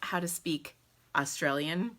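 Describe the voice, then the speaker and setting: Bright, bubbly woman streaming live. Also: low-pitched, unhurried. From United States. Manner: bubbly and chatty, laughing often. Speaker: crafting live-stream host. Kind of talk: casual live-stream chat. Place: at home indoors. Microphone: phone camera in selfie mode.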